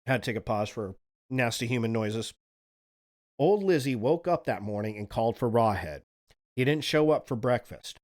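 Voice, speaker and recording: A man hosting a livestream, telling spooky folk legends in a relaxed, chatty way and swearing casually. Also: mid-range voice, moderate pace. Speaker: streamer, host.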